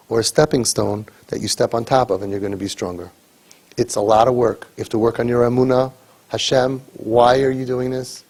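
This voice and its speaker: A man's voice: mid-range voice, a little mellow, husky. A middle-aged man, a crisis coach, giving an earnest, emphatic lecture to a group and often asking rhetorical questions. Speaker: parent crisis coach leading a sibling training group.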